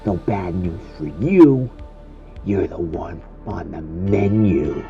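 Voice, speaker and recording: A man voicing a cruel, hulking male wolf-beast monster in a horror story, deep and taunting. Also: lively intonation, slow, mellow, dull audio, faint music behind, full character voice. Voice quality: deep, gravelly, macho. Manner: taunting, mocking.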